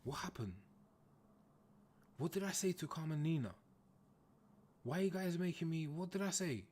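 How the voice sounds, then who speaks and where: Husky man hosting a playful livestream. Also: fairly high pitch, lively intonation, moderate pace. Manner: playful, teasing, exclaims loudly. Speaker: livestream host. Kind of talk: casual livestream chat. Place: home, in the UK.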